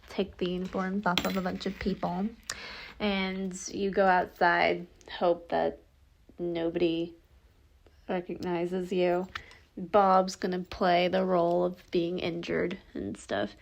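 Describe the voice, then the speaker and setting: A woman's voice: fairly low pitch, level tone, slow, vocal fry, slight background noise. A young woman narrates a role-play scene in a loose, rambling way. She strings events together with lots of fillers and casual swearing.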